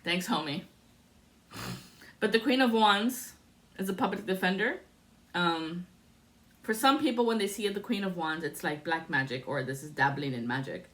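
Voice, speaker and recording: A woman's voice: fairly low pitch, moderate pace, pauses often, fairly bright tone. A woman giving a spiritual tarot reading to camera, talking in a rambling, musing way and often breaking into laughter. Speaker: tarot reader.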